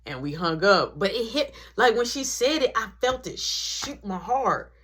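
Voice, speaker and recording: A woman's voice: mid-range voice, a little slow, husky. A woman telling a story from her past in a casual vlog, acting out the people in it. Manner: animated, acts out every voice.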